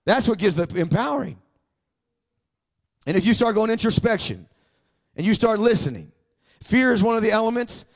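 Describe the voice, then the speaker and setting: Male pastor with a high voice, emphatic sermon delivery, call-and-response.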